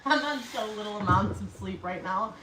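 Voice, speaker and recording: A woman's voice: medium pitch, moderate pace. A woman hosting a casual livestream, reading viewer comments aloud in a giggly, playful way. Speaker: livestream host reading chat. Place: workshop. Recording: echoey workshop from far off with noise.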